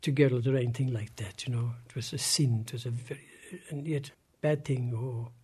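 Older Irish man, 80s, husky and mellow, halting interview recollection. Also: medium pitch, steady tone. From Ireland. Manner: halting, plain-spoken, trails off often. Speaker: interviewee, former industrial school resident.

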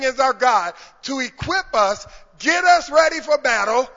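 A man preaching a sermon in church, calling out to the congregation and swinging from hushed talk to shouting. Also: very high voice, animated, measured pace. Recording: reverberant hall, dull lo-fi sound.

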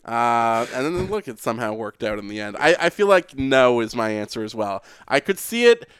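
A man's voice: mid-range voice, very animated, moderate pace, clear, resonant tone, no room sound, studio quality. A young man co-hosting a podcast, chatting casually and loosely, with lots of filler words and restarts. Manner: loose, filler-heavy talk with many restarts. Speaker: podcast co-host. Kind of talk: casual chat.

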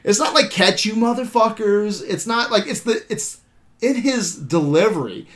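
A man hosts a casual movie-review chat with a bright, forceful voice pitched a little high. He laughs often and swears freely as he talks. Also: normal speed. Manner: laughing, profane, animated. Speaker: podcast host.

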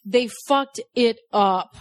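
A woman co-hosting a podcast, chatting casually about a film, frank and quick to laugh and swear. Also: fairly high pitch, no echo, studio quality. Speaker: podcast co-host. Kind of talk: casual chat reviewing a film.

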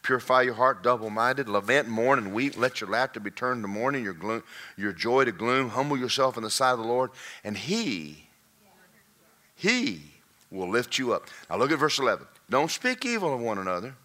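A male pastor preaching a sermon, swinging from folksy joking asides to shouted, singsong climaxes. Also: mid-range voice, sing-song, moderate pace.

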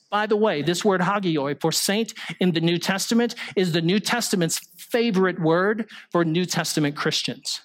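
A man's voice: sits high, moderate pace, hardly any pauses. A male pastor delivering a sermon, explaining scripture through rhetorical questions and the occasional small joke.

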